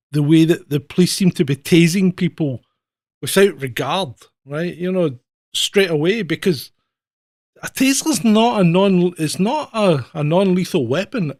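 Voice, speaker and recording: Slightly high and expressive, this Scottish man talks at a normal speed with no echo around him. Once a police officer, now a podcast co-host, he chats anecdotally on a casual show, laughing as he imitates the characters in his tales.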